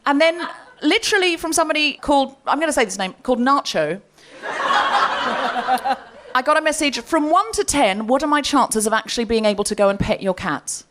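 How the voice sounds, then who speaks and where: Lively high-voiced woman telling a comic story. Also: fairly quick, background noise. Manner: animated, laughing as she tells a story. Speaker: comedy podcast host. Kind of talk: live stand-up storytelling. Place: live comedy stage before an audience.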